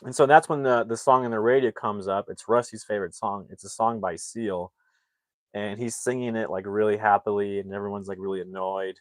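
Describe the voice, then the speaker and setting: Low-voiced man rambling through a plot. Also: fairly even intonation, brisk, no room sound. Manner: rambling, filler-heavy, acts out quotes. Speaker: movie reviewer. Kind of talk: casual plot retelling.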